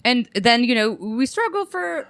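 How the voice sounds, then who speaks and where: Young adult woman comic, guest, swings her pitch wide, dry close sound. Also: a little slow, creaky, no echo. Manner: animated storytelling with acted quotes and laughs; swearing, self-mocking. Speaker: guest comedian. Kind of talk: casual podcast chat.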